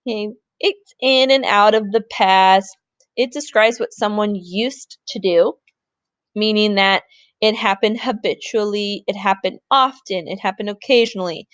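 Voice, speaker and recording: A woman's voice: mid-range voice, measured pace, dry recording. A woman Spanish teacher giving a recorded grammar lesson in an upbeat, informal way.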